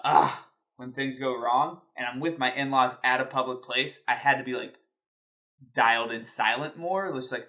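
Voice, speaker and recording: A man co-hosting a casual sports podcast, telling an animated story and swearing casually. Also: medium pitch. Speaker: podcast co-host. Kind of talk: casual chat.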